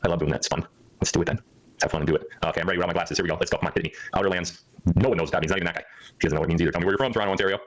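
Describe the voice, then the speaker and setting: Hyper fast-talking man. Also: low-pitched, low-quality recording. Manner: hyper, joking, laughs often. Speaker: livestream host. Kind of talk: rambling livestream chat.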